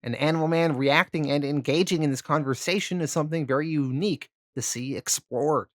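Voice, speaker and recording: A man narrating a comic book story recap and then giving his review, in a casual, relaxed way with occasional filler words. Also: on the high side, brisk.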